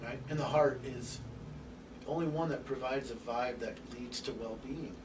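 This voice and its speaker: Animated male lecturer, distant and hissy. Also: medium pitch, moderate pace, roomy sound. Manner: animated, swears casually, acts out little scenes. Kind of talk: open forum lecture. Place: room with an audience. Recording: distant mic with background hiss.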